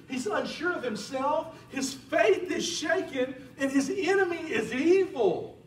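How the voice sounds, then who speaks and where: A man preaching a sermon as a pastor in a church, telling stories in an animated way. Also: extremely high pitch, measured pace, a little hiss or hum. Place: church sanctuary. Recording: roomy church sound from a distant mic.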